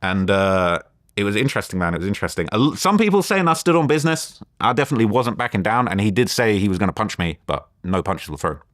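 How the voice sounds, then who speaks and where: Fast-talking young British man, animated. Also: on the low side, no room sound, studio quality. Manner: animated retelling with quoted dialogue and fillers. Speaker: interview guest. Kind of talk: casual storytelling interview.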